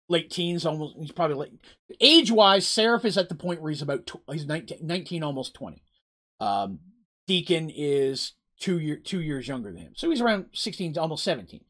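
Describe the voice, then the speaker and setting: Author reading his own tale aloud; animated, chatty between passages. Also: fairly high pitch. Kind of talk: story reading with asides.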